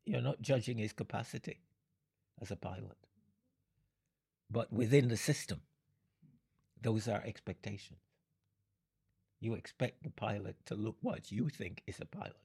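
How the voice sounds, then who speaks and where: An older man answering audience questions, explaining his points in an unhurried, halting way and chuckling between them. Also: on the low side, vocal fry, a little mellow, slightly rough. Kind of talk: Q and A talk.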